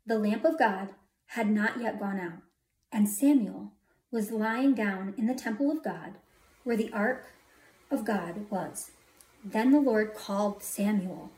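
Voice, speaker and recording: A woman's voice: on the high side, a little mellow. A woman preaching a testimony sermon, telling her story dramatically and dropping to a whisper for emphasis. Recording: echoey hall from far off.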